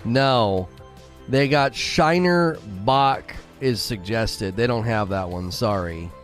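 Giggly streamer guy rambling to chat, slow easy talk, faint music in the back. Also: mid-range voice. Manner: giggly, laughs often at his own jokes; rambling, with many fillers and restarts. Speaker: game streamer talking to chat. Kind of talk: casual live-stream chat.

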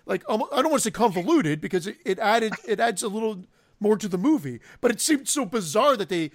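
A man's voice: sits high, dry recording, clean studio sound. A man co-hosting a casual movie podcast, rambling cheerfully and laughing as he talks through the plot. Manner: lively, rambling, quick to laugh. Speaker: podcast co-host. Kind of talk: casual movie discussion chat.

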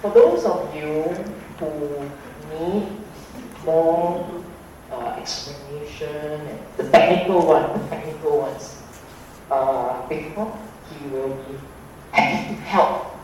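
A man teaching a meditation class, unhurried and emphatic with playful asides. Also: a little high, a little mellow, a little hiss or hum. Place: hall with an audience. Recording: roomy hall, voice from a distance.

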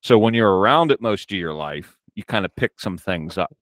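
A fairly low-voiced American man talking casually on a podcast, easygoing and a little rambling as he tells a story. The recording is dry and close, with no room sound. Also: lively intonation, normal speed, a bit bright, no room sound. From United States. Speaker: podcast host.

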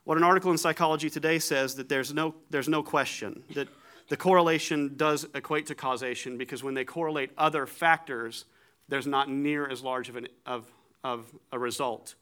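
A man giving a conversational sermon, animated and joking at his own expense, often repeating words as he starts a thought. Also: mid-range voice, normal speed, clear, resonant tone. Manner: animated, joking, self-deprecating.

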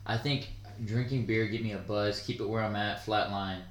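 A man's voice: on the low side, fairly even intonation, normal speed, slight background noise. A man co-hosting a podcast in loose, rambling casual chat, swearing freely. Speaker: podcast co-host. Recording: echoey room.

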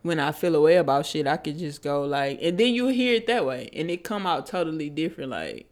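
A candid podcast co-host speaking at a middling pitch. The talk is loose and conversational, full of stories and easy swearing. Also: expressive, a little fast. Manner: candid, profane, storytelling. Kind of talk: casual chat.

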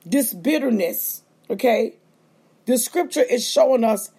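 A woman preaching with fervor, calling out to her listeners and slipping into quick acted-out asides. Her voice sits a bit high and has a husky edge. She speaks, carried over a livestream feed. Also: warm tone. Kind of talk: sermon.

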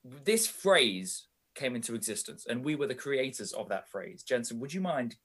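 A young man, co-hosting a casual podcast chat with a friend in an animated, chatty way. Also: medium pitch, normal speed, slightly rough. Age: young adult. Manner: animated, chatty British slang. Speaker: podcast co-host.

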